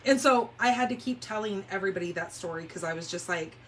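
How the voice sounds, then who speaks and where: A woman with a bright, forceful voice hosts a crafting livestream from her home, chatting casually as she works. She rambles from one story to the next and laughs easily, with a faint hum of noise behind her. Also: mid-range voice, quick pace. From California. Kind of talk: casual chat while demonstrating paper crafts. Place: room at home.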